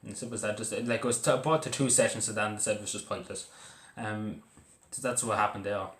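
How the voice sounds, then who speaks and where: A young Irish man talking casually about his own school days, halting and full of fillers and restarts. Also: fairly low pitch, fairly even intonation, fairly bright tone. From Ireland. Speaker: vlogger. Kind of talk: casual personal talk to camera. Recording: echoey room.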